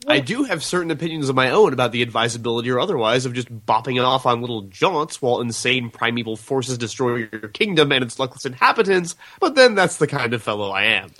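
A man's voice: mid-range voice, animated, brisk, pushed and bright. A man co-hosting a casual comic-book podcast, with a wry, jokey manner. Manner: wry, jokey, acts out quoted lines. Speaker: podcast co-host.

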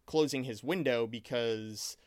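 A man's voice: medium pitch, a little slow, no echo. Rambling man retelling a game session. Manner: rambling, animated storytelling with many restarts. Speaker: game master. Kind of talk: casual chat.

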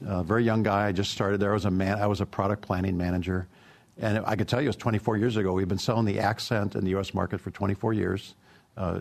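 Man, middle-aged, low voice, gravelly, easygoing anecdotal interview answers. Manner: easygoing, anecdotal, many fillers. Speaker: automotive product executive.

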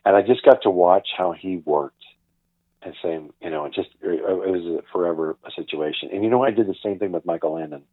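A man's voice: low-pitched, fairly quick, no room sound. An older man, a guest actor and producer, telling stories casually in an interview and acting out the people he quotes. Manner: animated storyteller who acts out the people he quotes. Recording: tinny phone-like line, dry.

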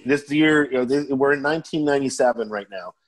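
A man's voice: mid-range voice, quick pace. A man telling long, profane stories as a guest in a casual chat. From Canada. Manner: profane, rambling, animated. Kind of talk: casual storytelling.

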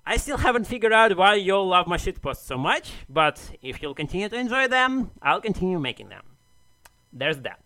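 A man's voice: sits high, sing-song, moderate pace, pushed and bright, a little hiss or hum. A man delivering a mock-grandiose, argumentative monologue in an audio message sent to a show. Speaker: listener sending an audio message. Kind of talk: read-out monologue.

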